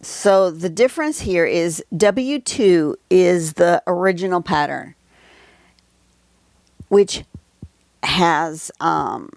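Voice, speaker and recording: A woman's voice: lowish voice, lively intonation, takes it slowly, creaky, long pauses, darkish tone, no room sound, clean studio sound. A woman hosting a casual livestream drawing lesson, chatty and rambling with many asides, recorded on a phone at home. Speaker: drawing tutorial host.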